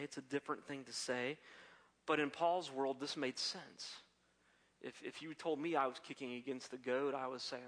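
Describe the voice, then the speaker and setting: A man preaching a sermon. He swings from loud emphasis down to hushed whispers, and he often repeats words and restarts his phrases. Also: mid-range voice.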